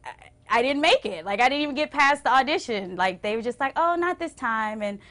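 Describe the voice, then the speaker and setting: Animated woman telling stories in an interview. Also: quick pace. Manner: expressive, acts out quotes with big pitch swings; drops to a hushed, emotional tone when moved. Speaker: singer and interview guest. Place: TV station interview.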